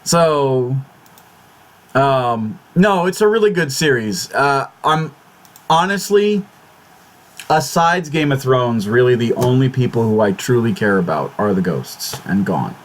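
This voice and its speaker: A man hosts his own YouTube vlog in a mid-range, animated voice at a measured pace, with a little hiss or hum in the background. He talks casually but fretfully, swearing a lot and repeating and restarting words in agitation, often exclaiming.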